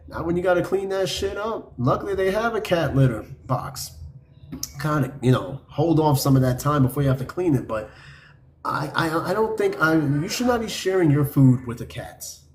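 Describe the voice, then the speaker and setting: A man's voice: fairly high pitch, a little mellow, slight background noise. A man hosting a podcast, reading a list aloud and mocking it in blunt, profane casual talk. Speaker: podcast host.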